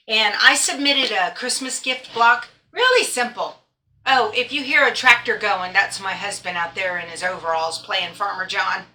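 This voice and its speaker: A woman's voice: fairly high pitch, sharp tone. A woman hosting a quilting vlog, chatting casually and laughing at herself. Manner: chatty, self-deprecating, laughs often. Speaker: quilting blogger and host. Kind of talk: casual chat to camera. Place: at home, tractor outside.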